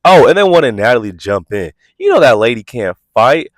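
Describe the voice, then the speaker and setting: A man hosting a casual vlog that reviews a reality show, talking in an animated, incredulous, sassy way. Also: mid-range voice, normal speed, no echo. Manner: animated, incredulous, sassy, keeps asking "are you serious". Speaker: reality TV reviewer, channel host.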